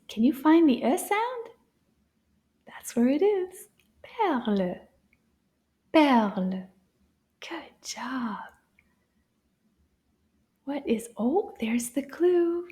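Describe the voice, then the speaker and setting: A high-voiced woman leads a children's French lesson at a very unhurried pace. Her tone is gentle and playful, slipping into soft hushed asides and little gasps of surprise. The voice is mellow rather than bright. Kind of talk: slow, encouraging kids' lesson.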